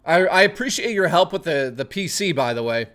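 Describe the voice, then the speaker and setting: A young man chats loosely on his live stream, reading viewer messages aloud and swearing freely. His voice sits a little high and rings bright and forward, with a casual, offhand rhythm. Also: lively intonation, a little fast, a little hiss or hum. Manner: loose, profane, reads viewer messages aloud and riffs on them. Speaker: livestreamer.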